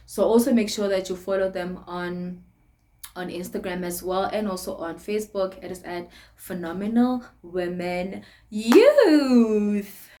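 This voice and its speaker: A woman's voice: mid-range voice, animated, unhurried, warm tone. A young woman with a South African accent chatting casually to camera in a sit-down vlog, laughing often between phrases. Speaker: vlogger.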